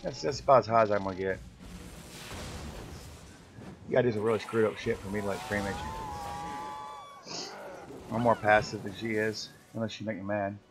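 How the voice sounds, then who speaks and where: A man's voice: lowish voice, steady tone, fast, long pauses, noisy background. A man chatting casually and swearing freely while playing a game, joking and teasing as he goes. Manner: profane, joking, hums along while playing. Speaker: game streamer. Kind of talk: casual gameplay chat.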